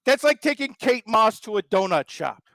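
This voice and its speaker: A man's voice: high-pitched, sing-song, moderate pace, a bit bright, no echo, poor audio. A man from the American South, a regular on a sports talk show, ranting with mocking, exasperated wisecracks. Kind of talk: sarcastic sports talk rant.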